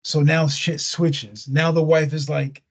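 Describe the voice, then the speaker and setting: Husky slangy man retelling a movie. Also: fairly high pitch, a little slow. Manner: slangy, animated storyteller. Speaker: podcast host. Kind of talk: casual chat retelling a movie plot.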